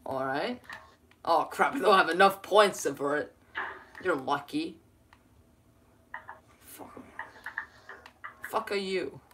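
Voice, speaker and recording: A woman playing a video game with a friend, teasing him and swearing, with a bright, forceful voice. She talks at an unhurried pace and keeps up casual banter. A faint hiss sits under her voice. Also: on the low side. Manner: teasing, swears, laughs often, sudden shouting.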